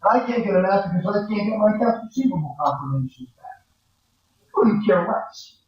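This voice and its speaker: A man's voice: sits high, animated, a little fast, recorded from a distance, muffled recording. A male accounting professor giving a blunt, conversational classroom lecture. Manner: blunt, conversational, acts out client quotes. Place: large echoey lecture hall. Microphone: far from the mic. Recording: echoey classroom recording from afar.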